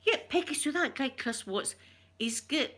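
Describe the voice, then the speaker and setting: In a high, animated, fairly bright voice at a moderate pace, a middle-aged woman with a Scottish accent chats casually with her live viewers. She's an ASMR livestreamer reading their comments, rambling, laughing often and greeting people by name.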